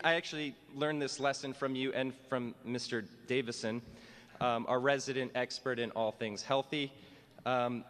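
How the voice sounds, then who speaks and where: A man's voice: medium pitch, a bit bright, big-room sound. A man, a teacher, giving a humorous commencement address in a wry, self-mocking way. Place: school graduation hall.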